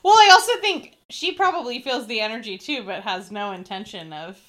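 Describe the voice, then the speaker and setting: A woman's voice: fairly high pitch, animated, fairly quick, sharp tone. A woman co-hosting a casual TV recap podcast, talking things through in a thoughtful way. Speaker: podcast co-host.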